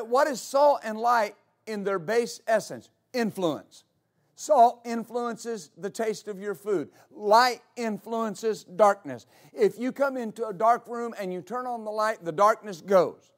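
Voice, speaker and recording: A male pastor preaching a sermon in church, repeating key phrases and building to emphatic peaks. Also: sits high.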